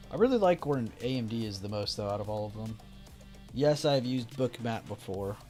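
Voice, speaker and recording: Young male streamer, slightly low voice, loose chatty delivery, faint music underneath. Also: a little mellow. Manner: loose and chatty, reads chat aloud, frequent restarts. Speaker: stock trading streamer. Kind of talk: casual live-stream chat.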